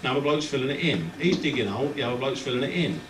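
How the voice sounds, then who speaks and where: A man's voice: mid-range voice, animated, fairly bright tone. A man from London's East End, telling jokes as a stand-up comedian in short, clipped phrases on a club stage. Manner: brisk punchline delivery in short clipped phrases. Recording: roomy, distant live club recording with background noise.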